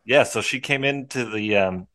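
A man being interviewed as the filmmaker behind his film, explaining his choices in a relaxed way. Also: mid-range voice, moderate pace. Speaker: filmmaker guest. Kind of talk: podcast interview.

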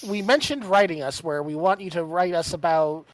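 A podcast co-host in casual chat, talking in a halting, laid-back way and reading out a listener's email. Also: mid-range voice, dry recording, low-quality recording.

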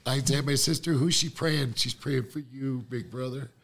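A man's voice: medium pitch, moderate pace. A man, a podcast guest, telling a story animatedly, acting out the voices he quotes and laughing often.

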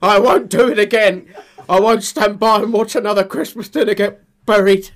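A man's voice: sits high, steady tone, moderate pace, pitched above the performer's own voice. A man voicing an exasperated, prim elderly male butler who scolds his employer.

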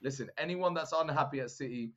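Lo-fi man, animated slangy banter. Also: mid-range voice, quick pace. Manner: animated banter, slangy, jokey put-on voices. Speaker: podcast guest. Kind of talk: casual football chat.

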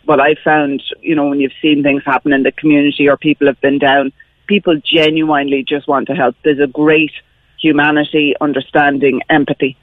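Calling in to a radio chat over a tinny phone line, a Dublin woman with an Irish accent speaks earnestly and enthusiastically, using lots of fillers. Her voice is deep with little pitch movement, and she talks fairly quickly with no echo.

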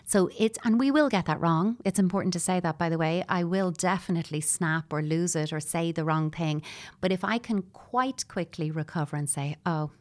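A woman's voice: low voice, darkish tone. A middle-aged woman, a child psychotherapist giving earnest, explanatory advice in an interview and acting out what parents say.

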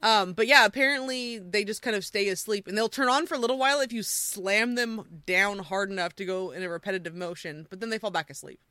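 A woman hosting a podcast, chatting casually and reading creepy stories aloud with animated quoting. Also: medium pitch, fairly quick, few pauses, no room sound. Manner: animated storyteller, quoting with voices. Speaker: podcast host.

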